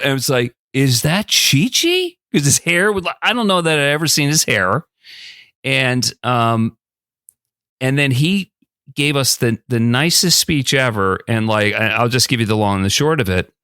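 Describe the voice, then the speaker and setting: A man in his fifties hosting an interview, telling stories in a relaxed, chatty way with frequent restarts. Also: mid-range voice, clean tone, no room sound, clean studio sound. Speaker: podcast host. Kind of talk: conversational interview storytelling.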